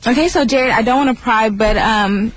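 A woman's voice: a little high, normal speed, poor audio. Hesitant woman radio host. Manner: hesitant, with many ums. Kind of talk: hosting a radio show.

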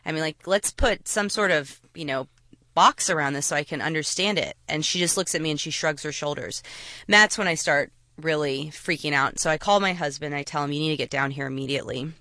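Woman storyteller, bright and forward voice, dry close sound, halting delivery with restarts. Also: low-pitched, no room sound. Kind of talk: personal storytelling to an audience.

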